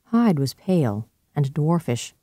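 Man narrating a storybook, steady, even, mellow and warm, dry close sound. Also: fairly high pitch, a little slow, no echo.

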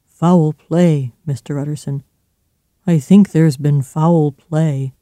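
A man's voice: fairly high pitch, steady tone, takes it slowly, mellow, no room sound. A man doing a frightened old butler. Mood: fearful. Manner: pleading, shaken, urgent.

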